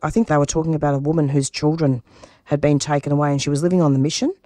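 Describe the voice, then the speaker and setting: A woman's voice: low voice, fairly even intonation, rapid-fire, dark tone, no echo. Earnest middle-aged woman, dry studio voice. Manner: earnest and emphatic, often restarting phrases. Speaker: radio producer and interview guest. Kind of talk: personal interview answers.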